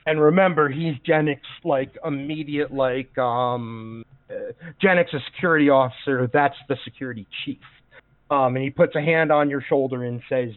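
A man's voice: medium pitch, fairly even intonation, normal speed, no echo. A man running a tabletop role-playing game as game master, narrating scenes in a rambling way with many fillers. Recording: dry, phone-like online call audio.

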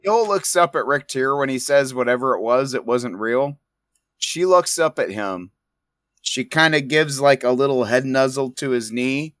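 A man's voice: mid-range voice, normal speed, dry recording. Man, game master, casual narration, dry close sound. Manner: casual, lively narration with swearing.

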